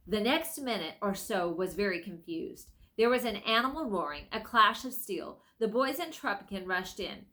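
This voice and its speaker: A woman narrating a storybook chapter in a measured, expressive way. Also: medium pitch. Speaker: audiobook reader. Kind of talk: scripted narration.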